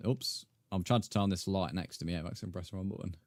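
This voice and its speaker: A man's voice: sits low, rapid-fire, a little mellow, dry recording, clean studio sound. A young man streaming a game, chatting casually and reading viewer comments aloud. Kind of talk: casual live-stream chat.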